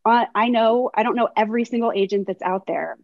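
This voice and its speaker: A woman's voice: on the high side, fairly even intonation, brisk, no echo. Candid woman on a dull video call. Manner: candid and reflective, recounting anecdotes. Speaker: sports agent, panel guest. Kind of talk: webinar conversation, storytelling.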